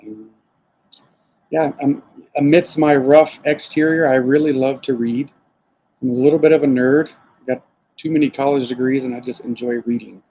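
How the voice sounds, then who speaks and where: Southern man, dark mellow tone, easygoing guest who chuckles at himself, video-call sound. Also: medium pitch, moderate pace, long pauses, husky, rough recording. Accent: Southern American twang. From South Florida, raised in Alabama. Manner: relaxed, chatty, self-deprecating with chuckles. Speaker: distillery owner, guest. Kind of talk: casual live-stream interview.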